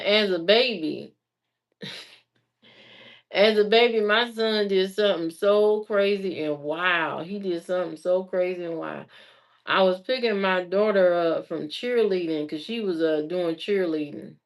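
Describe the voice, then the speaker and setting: A woman's voice: fairly low pitch, a little slow. A woman telling personal stories to her viewers in a casual, colloquial way, often repeating phrases for emphasis. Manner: lively storyteller who repeats phrases for emphasis; colloquial, chatty delivery.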